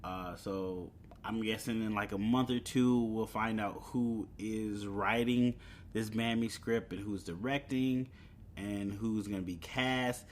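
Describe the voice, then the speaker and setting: A man's voice: on the low side, steady tone, takes it slowly, a little hiss or hum. A young man hosting a solo podcast, chatting casually about movie news with fillers and chuckles. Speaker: podcast host.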